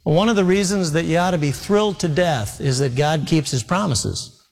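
A male pastor delivers an earnest, exhorting sermon in a fairly high voice. Long reverb from a big church hall trails after his words. He acts out the dialogue as he tells stories. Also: normal speed. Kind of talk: sermon with storytelling.

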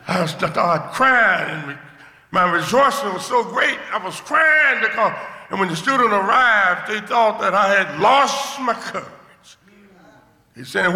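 An older male preacher giving a sermon testimony, moving from hushed storytelling to shouted rejoicing. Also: high voice, big pitch swings, a little slow. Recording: echoey hall with long reverb.

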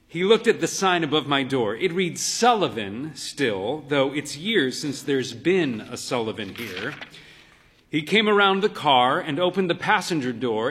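A man narrating a literary story in a measured, wry, deadpan way. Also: mid-range voice.

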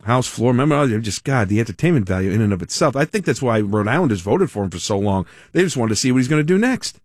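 A man's voice: mid-range voice, expressive, fast, darkish tone, no room sound, studio quality. Rambling, sardonic male radio host. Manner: rambling, sardonic, laughs at himself. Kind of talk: casual radio monologue.

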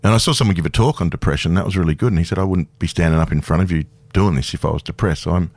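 A man's voice: deep voice, very fast, a little mellow, no room sound. A man in his fifties, a guest speaking candidly and self-deprecatingly in a casual radio interview, laughing easily. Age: 50s. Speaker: guest performer.

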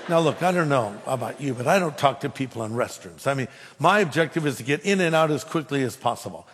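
A man preaching a sermon, telling a humorous personal story in an animated way. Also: medium pitch, quick pace, slightly rough, big-room sound. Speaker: pastor.

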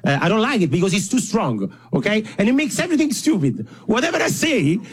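Italian man doing lively stand-up. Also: high-pitched, a little fast. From Italy. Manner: playful, self-mocking, laughing between lines, hesitant fillers. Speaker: stand-up comedian. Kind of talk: stand-up comedy set. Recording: live show with audience laughter. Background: crowd laughing.

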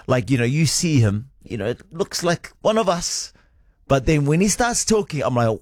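A man's voice: on the high side, very animated, normal speed, a little mellow, no room sound. A man hosting a radio show, bantering casually and joking in a playful way. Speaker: radio host.

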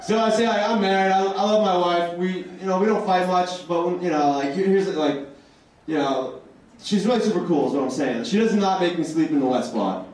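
A man's voice: sits high, a little fast, darkish tone. A man doing a stand-up set on a comedy club stage, rambling and hesitant as he banters with the crowd. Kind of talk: stand-up routine. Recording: echoey distant room mic with noise. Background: audience laughter.

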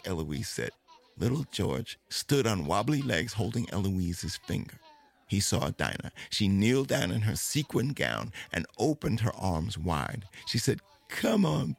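Gravelly, expressive male storyteller. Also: lowish voice. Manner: expressive, lingering on dramatic moments. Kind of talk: dramatic spoken storytelling.

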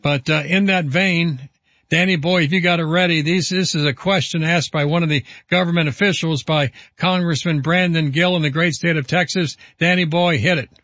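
A man's voice: on the high side, steady tone, moderate pace, a bit bright, no room sound. A man hosting a talk radio show, delivering an indignant, emphatic monologue and reading headlines aloud. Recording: dull lo-fi broadcast audio.

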